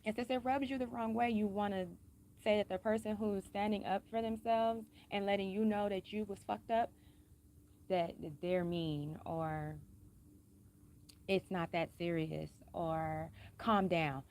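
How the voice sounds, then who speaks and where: A woman vlogging in a casual, blunt way, cussing freely and speaking pointedly with emphatic repetition, keeping her voice calm and unraised. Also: normal speed, a little hiss or hum. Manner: says she is a singer who keeps her voice calm and low-key. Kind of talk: casual personal talk to camera.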